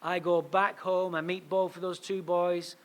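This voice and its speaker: A man giving a storytelling talk at a recovery meeting, punchy and animated, with quick asides to the room. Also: high-pitched.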